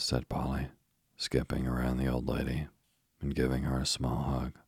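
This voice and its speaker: A man narrating a bedtime story in a calm, even way. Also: a bass voice, a little slow, creaky, husky, no room sound, clean studio sound.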